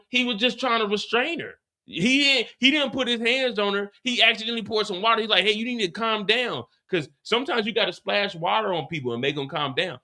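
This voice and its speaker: A man hosting a live after-show, recapping an episode in an animated, slangy way with lots of restarts and repeats. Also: sits high. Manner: profane, slangy storytelling.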